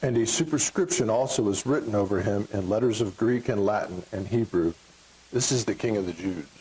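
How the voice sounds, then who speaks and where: A man's voice: fairly low pitch, brisk, warm tone, rough recording. A middle-aged man with a Texan accent, preaching a sermon in a church, joking and acting out voices of the crowd. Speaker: pastor. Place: church sanctuary.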